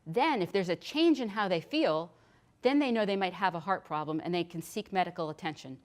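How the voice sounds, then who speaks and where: A woman's voice: fairly low pitch, expressive, brisk. A middle-aged woman nurse practitioner giving a chatty, practical health lecture. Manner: chatty and practical, with frequent restarts. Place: hospital lecture room.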